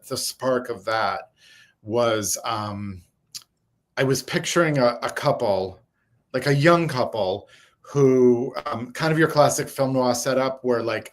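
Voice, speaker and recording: A man guesting on an interview show, talking in a thoughtful, explanatory way. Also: medium pitch. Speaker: author guest. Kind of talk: casual interview chat.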